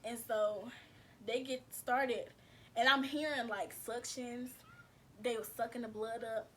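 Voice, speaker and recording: A woman's voice: a little high, steady tone, measured pace, fairly bright tone. A woman vlogger casually telling her viewers a personal story, chatty and slangy, calling them y'all.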